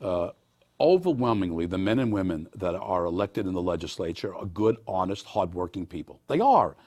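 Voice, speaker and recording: A man in his sixties with a Brooklyn accent, a borough official answering interview questions in a folksy, animated way with many hesitations. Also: deep voice, moderate pace. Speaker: borough president. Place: TV studio.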